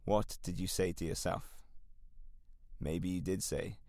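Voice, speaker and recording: A man's voice: low voice, measured pace, darkish tone, dry recording, studio quality. Earnest Welsh man coaching listeners. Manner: earnest, encouraging self-help coaching. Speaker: podcast host. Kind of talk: solo podcast monologue.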